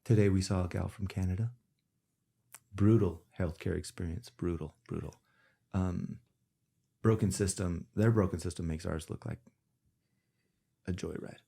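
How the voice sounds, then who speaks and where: Male physician, podcast chat: gravelly and mellow, candid, emphatic bursts. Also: sits low, steady tone, moderate pace, long pauses. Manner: candid, emphatic, building to passionate outbursts. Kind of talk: podcast conversation.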